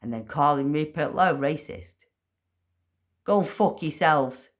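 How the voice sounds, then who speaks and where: A woman ranting furiously to camera, swearing and breaking into bursts of shouting. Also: sits low, measured pace. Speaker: vlogger. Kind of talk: angry rant to camera.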